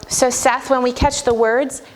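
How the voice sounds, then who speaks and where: High-voiced woman teaching a music class. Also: fairly even intonation, unhurried, slight background noise. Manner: firm and clear, shifts into sung and high voices while teaching.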